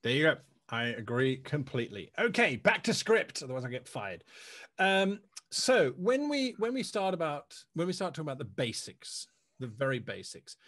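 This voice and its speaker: A man hosting a casual panel discussion, animated and quick with jokey asides. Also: a little high, no room sound, clean studio sound. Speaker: panel host.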